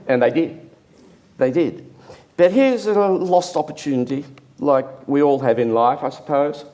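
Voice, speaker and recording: An older artist telling a self-deprecating anecdote in a lively, rambling interview manner. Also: male voice, fairly high pitch, moderate pace. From Australia. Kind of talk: anecdotal storytelling.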